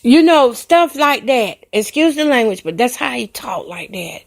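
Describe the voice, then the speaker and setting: A woman's voice: a little high, animated, unhurried, vocal fry, hardly any pauses. A woman hosting a podcast, telling a personal story candidly and emotionally and speaking to her listeners directly. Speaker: podcast host.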